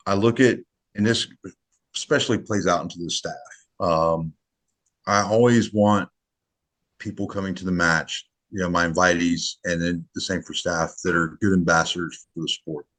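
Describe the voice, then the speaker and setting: A man's voice: sits low, fairly even intonation, normal speed, fairly bright tone. A middle-aged man, a match director, chatting casually on a podcast in an earnest, rambling way with many restarts.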